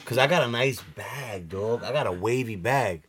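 A man co-hosting a podcast in casual chat, joking and animated, breaking into sung lines and loud laughs. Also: medium pitch, normal speed, a crowd in the background. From the Bronx, New York. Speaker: podcast co-host.

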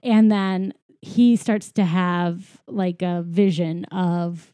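A woman's voice: on the low side, fairly even intonation, slow, warm tone, smooth, no room sound. A woman casually retelling a movie plot as a podcast co-host, rambling with lots of fillers and laughs. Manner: rambling, filler-heavy storytelling with frequent laughs. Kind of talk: casual chat, recapping a movie.

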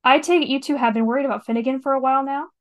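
A practical, blunt adventurer in a storybook, read out by a woman. The voice is fairly high, in a plain reading tone. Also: fairly even intonation, very fast, natural voice. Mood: matter-of-fact. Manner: read aloud casually from a script.

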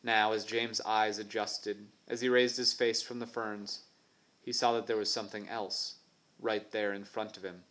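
A man reading a children's novel aloud in a measured, suspenseful narrating voice. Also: lowish voice, flat delivery, fairly bright tone. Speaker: reader.

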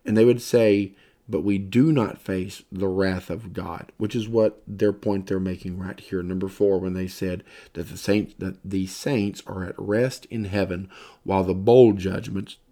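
A man's voice: sits low, fairly even intonation, measured pace, dark tone. A tired man giving a Bible lesson, reading scripture aloud with rising emphasis and explaining it loosely with fillers. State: tired, yawning. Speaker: Bible teacher. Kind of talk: sermon-style Bible lesson.

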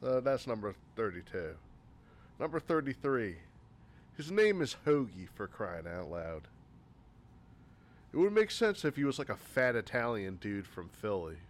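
A man talking through a countdown of film complaints in a loose, rambling way. His voice sits at an ordinary middle pitch and he often sounds exasperated. He keeps stopping to repeat himself and piles on filler words. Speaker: movie reviewer. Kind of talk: casual list-style movie critique.

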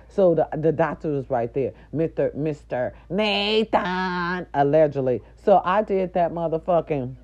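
A middle-aged woman with a deep, mellow voice tells her audience a story as a loud, indignant, foul-mouthed rant. The recording sounds dull and lo-fi. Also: expressive, normal speed, few pauses. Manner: loud, profane, indignant ranting. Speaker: nurse aide.

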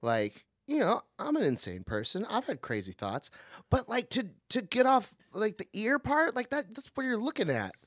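A young man co-hosting a podcast, chatting loosely and laughing often through dark banter in a small studio. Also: high voice, wildly swooping pitch, normal speed, no echo. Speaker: podcast co-host. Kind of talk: casual chat.

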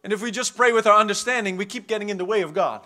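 Through a stage mic in a church hall, a South African pastor delivers a charismatic sermon at a racing pace in an unusually high voice. His tone rings bright and forceful as he shifts from loud, fervent exhortation to quiet asides.

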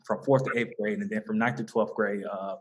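A man's voice: fairly low pitch, flat delivery, a little fast. A man with a Southern American accent who runs a mentoring group, answering interview questions in an earnest, loose way with many ums and restarts. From Southern United States. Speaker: founder of a mentoring organization.

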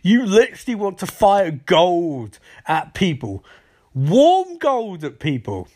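A man's voice: sits high, huge pitch swings, takes it slowly, darkish tone, heavily acted. A man voicing an exasperated male scientist who rants in incredulous, lecturing bursts.

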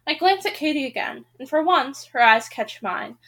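A woman hosting a podcast, reading a novel aloud and reacting with expressive, emotional outbursts. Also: high-pitched, normal speed. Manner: expressive reader who breaks off into emotional rants.

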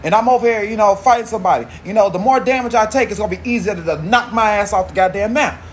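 A man's voice: sits high, fast, slight background noise. A man hosting a podcast, talking alone in a casual, rambling, profane way, full of slang and swearing. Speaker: podcast host. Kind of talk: casual monologue.

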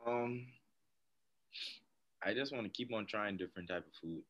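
Laid-back young man, low voice. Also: moderate pace, highs cut off. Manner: laid-back, soft-spoken, laughs while telling stories. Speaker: guest, professional baseball player. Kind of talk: casual interview chat.

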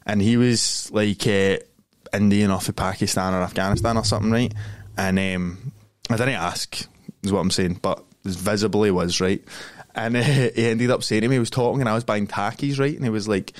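A young man with a broad Glaswegian accent chatting on a podcast, pitched a little low. He laughs a lot, swears freely and wanders through long anecdotes. The sound is dry and close, with no room around it. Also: steady tone, moderate pace, dry recording. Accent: Glaswegian Scottish. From Glasgow, Scotland. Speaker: podcast co-host. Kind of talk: casual podcast chat.

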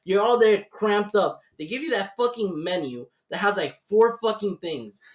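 A man's voice: sits high, lively intonation, normal speed. A man hosting a podcast, ranting through a story with heavy swearing and acted-out voices. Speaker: podcast host. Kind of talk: casual storytelling rant.

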